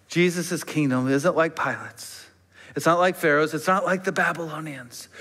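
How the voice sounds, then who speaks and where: High-voiced man preaching in a reverberant church. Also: sing-song, moderate pace. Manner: emphatic, drops to a hush on key words. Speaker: pastor. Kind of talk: sermon. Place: church sanctuary.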